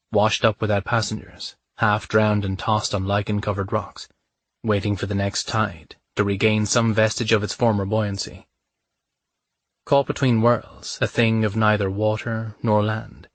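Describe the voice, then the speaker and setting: Male romance-audiobook narrator, low and measured, in a dry, close recording. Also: no room sound.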